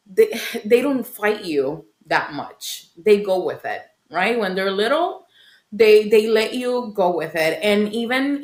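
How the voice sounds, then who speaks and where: A middle-aged woman, a parent coach, earnestly telling her personal story in conversation and often checking in with "right?". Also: mid-range voice. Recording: roomy echo.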